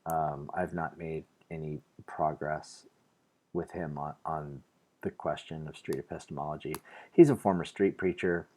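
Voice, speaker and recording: A man's voice: extremely low pitch, steady tone, measured pace, mellow. A man from the United States giving an earnest, argumentative vlog monologue, hesitant and full of restarts. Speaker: vlogger. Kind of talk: casual monologue to the camera.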